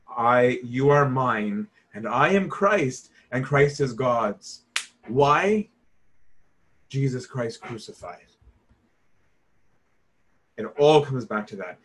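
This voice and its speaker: A man teaching scripture in a casual, conversational way, emphatic and informal, often asking "right?". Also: medium pitch. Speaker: Bible teacher.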